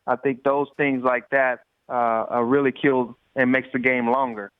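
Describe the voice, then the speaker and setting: A man in his forties calling in to an interview by phone, telling stories with lively energy and repeated starts. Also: mid-range voice, unhurried, smooth, no room sound. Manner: animated storyteller, repeats words. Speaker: guest calling in. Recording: tinny dry phone line.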